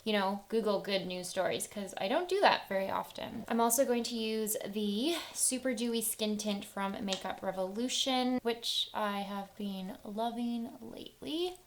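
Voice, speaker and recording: A woman's voice: medium pitch, measured pace, few pauses. Chatty young woman beauty vlogger. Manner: chatty and upbeat, tearing up at touching stories. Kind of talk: casual get-ready-with-me chat.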